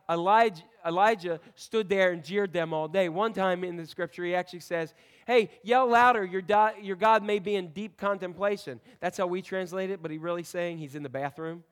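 A man preaching a conversational sermon as pastor, with folksy asides and swings between loud emphasis and quiet asides. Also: high voice, clear, resonant tone.

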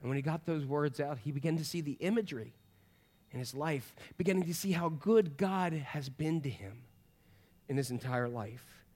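A middle-aged man preaching a sermon as pastor, animated, swinging from loud calls to hushed, soft passages. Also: on the high side, moderate pace.

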